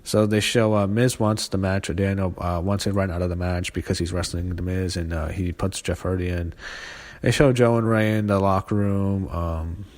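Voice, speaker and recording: Man, low voice, angry profane ranting, halting with fillers, casual wrestling review, long hall reverb. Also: steady tone, darkish tone. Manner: halting, full of fillers and restarts.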